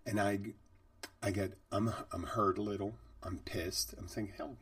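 A man's voice: fairly low pitch, steady tone, a little slow, a bit bright, no room sound, far from the mic. A middle-aged man, a bartender hosting a podcast, telling stories and reflecting in a rambling, conversational way. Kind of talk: reflective storytelling monologue.

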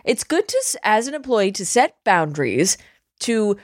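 A woman's voice: mid-range voice, big pitch swings, normal speed, dry recording, clean studio sound. A woman in an improvised comedy chat, playful and mock-serious. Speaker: improv player.

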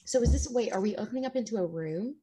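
A woman playing a tabletop game with friends, joking and talking quickly. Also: on the high side, husky. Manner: animated, jokey, quick. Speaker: player. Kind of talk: casual tabletop game play.

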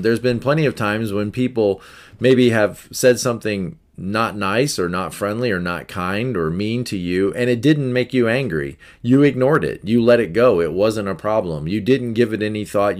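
A man hosting a podcast, giving a motivational self-help talk in a repetitive, emphatic way and acting out example scenarios. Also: on the low side. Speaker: podcast host.

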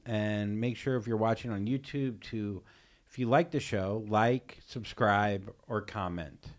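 A young man co-hosting a casual podcast with his partner, joking and deadpan. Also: fairly low pitch, a little slow. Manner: joking, deadpan, jokey put-on voices. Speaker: podcast co-host. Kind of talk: casual couple chat.

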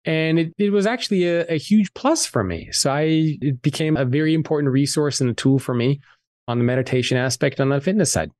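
A man guest on a podcast, telling a personal story in a candid, animated way and swearing freely. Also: fairly high pitch, a little fast, no room sound. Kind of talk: casual storytelling interview.

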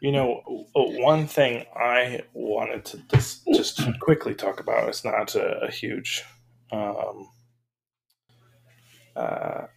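A man's voice: mid-range voice, big pitch swings, slow, gravelly, breathy edge. Giggly man telling a story. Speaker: podcast co-host. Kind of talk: casual chat.

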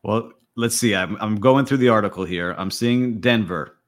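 A man's voice: fairly low pitch, moderate pace. A man co-hosting a hospitality podcast, telling stories in an easygoing, casual way. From Miami, USA. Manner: easygoing, storytelling. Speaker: podcast co-host. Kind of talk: casual chat.

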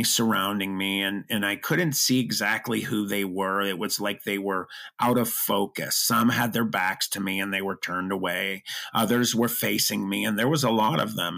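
A middle-aged man telling a personal story as an interview guest, earnest and emotional, with halting restarts. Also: lowish voice, vocal fry, a bit bright.

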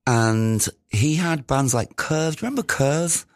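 A man, a musician, recounting studio stories in a rambling, casual way with many pauses. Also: mid-range voice, no room sound. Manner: rambling, many ums and restarts. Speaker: musician guest. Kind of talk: casual anecdotal storytelling.

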